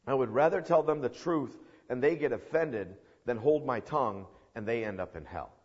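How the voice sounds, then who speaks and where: A man's voice: mid-range voice, normal speed, a little mellow, slightly rough. Earnest male preacher, emphatic delivery, dull lo-fi sound. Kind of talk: sermon. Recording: dull recording with long hall reverb.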